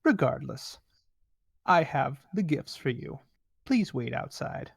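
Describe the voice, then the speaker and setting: A man voicing an elderly female gnome healer in a tabletop game, high and genteel. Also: lively intonation, slow pace, creaky, husky, no echo, full character voice. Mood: prim. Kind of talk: tabletop role-play character voice.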